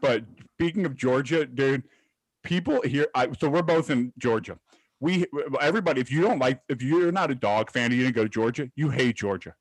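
A man from Miami co-hosting a casual podcast, excitable and quick to joke. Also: medium pitch, no room sound. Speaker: podcast co-host.

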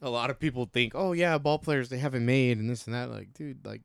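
A man co-hosting a casual podcast, telling a profane, animated story about coaching youth baseball. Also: medium pitch, brisk, gravelly, clear, resonant tone, no echo, studio quality.

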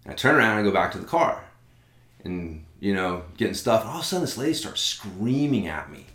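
A man's voice: on the low side, brisk, echoey room. A man casually telling a story with lots of swearing and fillers. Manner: profane, animated, lots of fillers.

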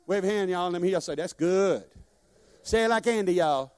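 A man's voice: high voice, brisk, a little mellow, clean tone. A man preaching a sermon to a congregation, leading call-and-response and joking as he exhorts. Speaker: guest preacher. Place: church sanctuary. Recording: long church hall reverb.

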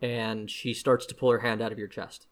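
A man's voice: mid-range voice, little pitch movement, moderate pace. A man narrating as game master of a tabletop game, with frequent hesitations and restarts. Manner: hesitant, lots of fillers and restarts.

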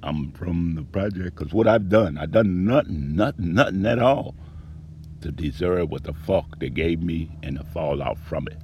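Very deep-voiced man with a profane refrain. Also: slight background noise. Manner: profane, aggrieved, swings between low mutters and loud outbursts. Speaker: storyteller recounting a personal grievance. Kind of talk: rhythmic spoken-word monologue with a repeated refrain.

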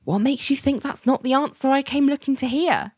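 A woman's voice: sits high, a little fast, a little mellow, no echo, voice pushed up, natural voice. A woman voicing a poised, dry-witted older woman, cool and clipped.

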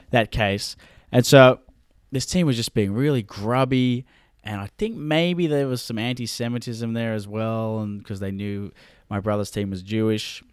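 A man co-hosts a casual podcast, animatedly telling stories and laughing often. His voice is fairly low, clear, and resonant, captured at studio quality with no room sound.

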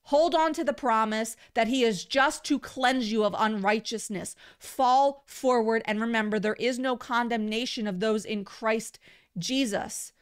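A woman's voice: on the high side, fairly bright tone, smooth. A woman giving a livestreamed Bible teaching in an earnest, conversational way, often repeating words for emphasis.

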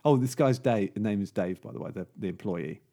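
A man's voice: fairly low pitch, fairly quick, mellow. A man co-hosting a podcast, chatting casually and telling a long, rambling joke with many fillers. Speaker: podcast co-host.

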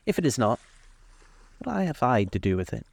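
A man voicing a witty, careless aristocratic gentleman in a storybook reading, airy and amused. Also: medium pitch, sing-song, normal speed, gravelly, dry recording, pitched above the performer's own voice. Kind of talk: audiobook character voice.

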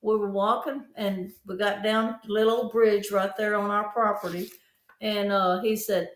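Animated woman storyteller, echoey room. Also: medium pitch, normal speed. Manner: animated storyteller who acts out quoted dialogue. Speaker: guest, author of memoir. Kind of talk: casual interview storytelling.

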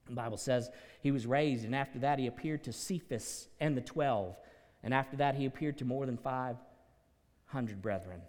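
A male pastor delivers a sermon with a middle-pitched voice, dropping low and quiet, then building to loud, dramatic peaks. He preaches in a church, and his voice carries a long hall reverb. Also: normal speed.

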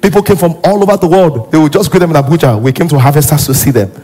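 High-voiced Nigerian pastor preaching. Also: male voice, rapid-fire, husky. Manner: emphatic, preaching, bursts into shouts and sing-song. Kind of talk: sermon.

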